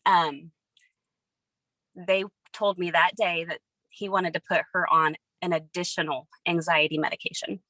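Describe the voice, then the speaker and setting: Woman, bright voice, dry sound, earnest storytelling on a video call. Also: on the low side, steady tone, a little slow, no room sound, rough recording. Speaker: testimony speaker. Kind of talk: emotional personal testimony on a video call.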